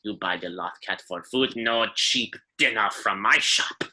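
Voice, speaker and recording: Man doing a grizzled old alien shop lady, cranky, broken clipped speech, husky. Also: on the low side, measured pace, sharp tone, full character voice. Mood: gruff.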